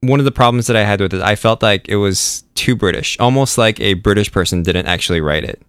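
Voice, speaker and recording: A man co-hosting a podcast about books, giving his views in a measured, wry way in casual chat. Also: fairly low pitch, fairly bright tone, clear, resonant tone, no echo. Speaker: book podcast co-host.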